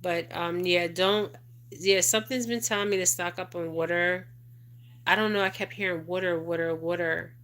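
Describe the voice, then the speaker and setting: A woman's voice: on the low side, steady tone, moderate pace, a bit bright. A middle-aged woman hosting a casual livestream, reading viewer comments and rambling with lots of "okay?" and "you guys". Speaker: spiritual advisor livestream host.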